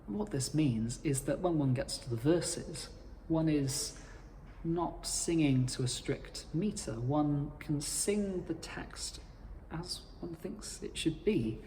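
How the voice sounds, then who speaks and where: Measured man teaching in an echoing space. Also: a little high, mellow, slight background noise. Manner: measured, explanatory, formal phrasing. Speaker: cantor and psalm teacher. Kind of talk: instructional talk. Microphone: playing his own accompaniment.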